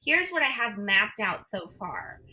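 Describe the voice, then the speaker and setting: A woman's voice: medium pitch, very animated, measured pace, sharp tone. A woman guest on a business interview, talking in a chatty, playful, upbeat way. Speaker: guest, membership business owner. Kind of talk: casual interview talk.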